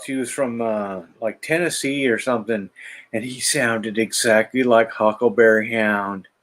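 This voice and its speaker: A man's voice: on the low side, fairly even intonation, unhurried, a bit bright. A man hosting a podcast in casual chat, rambling easily and trailing off. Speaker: podcast host.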